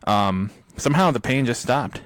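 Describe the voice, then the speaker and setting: A man's voice: medium pitch, expressive, moderate pace, no echo, clean studio sound. A man co-hosting a podcast in casual chat, rambling and chuckling often between thoughts. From United States. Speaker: podcast co-host.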